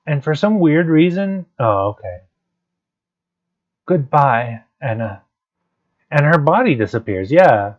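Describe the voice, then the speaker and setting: A man's voice: fairly high pitch, big pitch swings, takes it slowly, pauses often. A man giving casual, rambling commentary while he plays a game, hesitant and full of restarts. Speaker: let's play streamer. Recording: dull lo-fi stream audio, faint guitar music.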